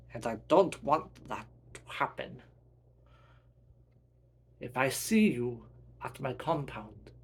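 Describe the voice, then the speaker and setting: A man's voice: medium pitch, fairly bright tone, full character voice. A man voicing a ruthless German villain commander, with a put-on German accent and cold, clipped threats.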